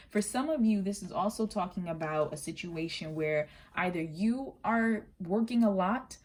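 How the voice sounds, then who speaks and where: Low-voiced woman giving a tarot reading. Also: a little mellow. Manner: chatty and earnest, sometimes rushes her words. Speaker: tarot reader. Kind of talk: casual spoken tarot reading.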